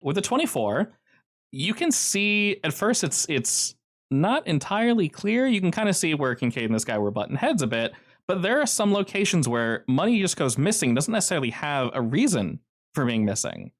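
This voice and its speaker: A man narrating as game master in a casual, animated storytelling manner. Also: fairly high pitch, normal speed.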